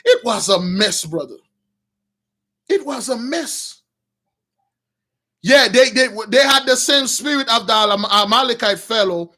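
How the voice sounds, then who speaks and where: A man preaching, retelling a Bible story in loose slangy talk and acting out the characters with shouts and laughs. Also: extremely high pitch, expressive, unhurried, long pauses.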